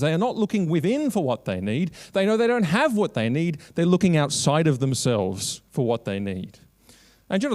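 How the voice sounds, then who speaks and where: A man giving a preached keynote at a conference, quoting scripture and building long repeated lists, swinging between raised, urgent lines and low, quiet asides. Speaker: Christian lobby director giving a keynote.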